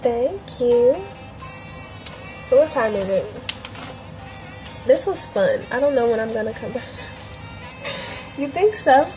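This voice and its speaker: A young woman from Cleveland who grew up in Atlanta, a bit hoarse, hosting a casual craft tutorial livestream and chatting loosely with her viewers. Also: fairly high pitch, animated, slow pace, long pauses, over music, rough recording. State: a bit hoarse, feels she is losing her voice.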